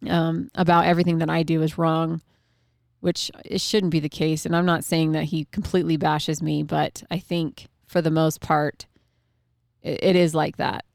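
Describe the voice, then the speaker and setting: A middle-aged woman shares a personal story about her son in a candid, heartfelt way, full of casual fillers. Her voice sits low and carries a gravelly fry. The recording is dry and close, with no room sound. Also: little pitch movement, moderate pace, a little mellow, dry recording. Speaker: mother sharing a parenting story.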